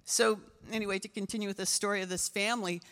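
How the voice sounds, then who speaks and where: A woman pastor preaches an enthusiastic, story-driven sermon, sprinkling in casual "you know"s. Her voice is bright and sharp, of middling pitch. It rings out with the long reverb of a church hall. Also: fairly even intonation, fast. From Canada.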